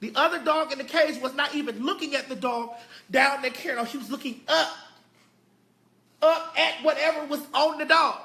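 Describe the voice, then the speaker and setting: Bright, high-voiced woman telling a story. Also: moderate pace. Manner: emphatic and animated, often addressing viewers as "girl". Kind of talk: casual storytelling chat. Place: home, indoors.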